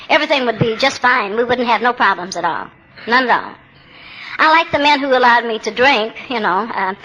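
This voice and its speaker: Older woman in her 70s, plain candid storytelling, dry jokes, slightly high voice. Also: bright, forceful tone, poor audio. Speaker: speaker sharing recovery story at a meeting. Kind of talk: personal testimony talk.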